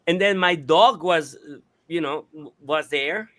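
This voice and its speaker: A man hosting a radio talk show, telling a story in an animated, casual way, swearing and imitating sounds. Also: high voice, normal speed.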